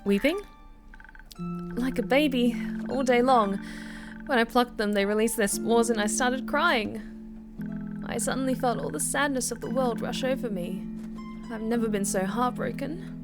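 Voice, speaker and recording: A woman voicing a sheepish, tearful tavern patron who mocks themself, in a soft, hushed, apologetic voice, over background music. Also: a little high, unhurried, long pauses. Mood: rueful.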